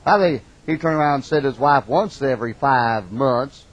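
A man's voice: mid-range voice, expressive, moderate pace, dull audio. A middle-aged man preaching a folksy, emphatic sermon, calling out amens. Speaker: pastor.

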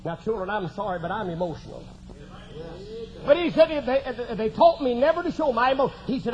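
Man, revival preacher, very high voice, shouts then hushes, dull lo-fi tape. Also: animated, fairly quick. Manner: fervent, swings from loud shouting to low hushed tones. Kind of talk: revival sermon testimony. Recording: dull lo-fi recording with faint hiss.

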